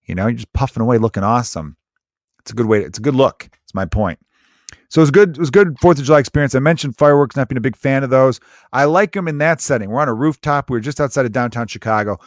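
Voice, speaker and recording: A man's voice: mid-range voice, fast talker, no room sound, studio quality. A man in his mid-thirties riffing in a casual, sarcastic, profane comedic monologue as a podcast host. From United States. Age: 30s. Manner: rambling, profane, sarcastic storytelling.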